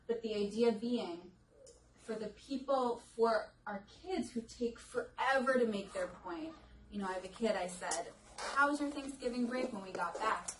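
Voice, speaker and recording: A woman's voice: medium pitch, slight background noise. Woman, speech pathologist, live lecture, conversational, roomy hall sound, mic set back. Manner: conversational, acts out children's and parents' lines. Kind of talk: live talk to an audience. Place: lecture room with audience. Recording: echoey room recorded from a distance.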